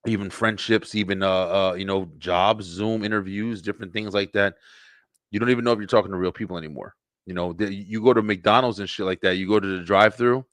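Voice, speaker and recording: A man hosting a webshow, talking in a rambling, profane, animated livestream monologue with lots of fillers and repeats. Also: lowish voice, no room sound. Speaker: webshow host.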